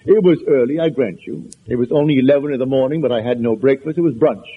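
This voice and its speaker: A man's voice: medium pitch, slightly rough. A man with an accent giving a spiritual lecture, conversational and anecdotal, with emphatic repetitions. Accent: foreign accent. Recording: tinny lo-fi lecture recording.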